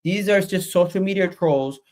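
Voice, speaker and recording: An animated man speaking a little higher than most, talking straight to his viewers in a loose fan-channel rant. He circles back over the same phrases, swears freely, and keeps the energy of a heated casual chat. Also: moderate pace. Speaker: football channel host.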